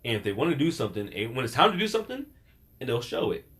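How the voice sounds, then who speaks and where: A man's voice: mid-range voice, sing-song, rapid-fire, a bit bright. A man hosting a podcast in casual chat, rambling and acting out quoted voices. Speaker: podcast host.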